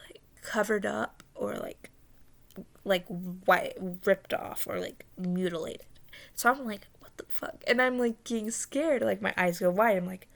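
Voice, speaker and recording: A young woman casually recounting a dream in a rambling, halting way, full of fillers and restarts, often dropping into whispers. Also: mid-range voice, gravelly. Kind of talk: casual storytelling.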